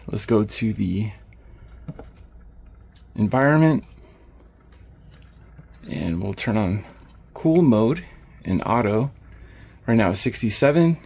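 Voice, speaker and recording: A man's voice: mid-range voice, warm tone. A man, an RV salesman, casually narrating a walkthrough of a camper van, upbeat as he lists each feature he points out. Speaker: RV salesman giving a walkthrough tour.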